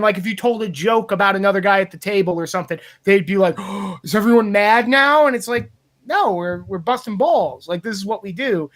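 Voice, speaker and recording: A man's voice: high-pitched, a bit bright. A man telling rambling, profane stories in a casual podcast chat. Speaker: podcast co-host.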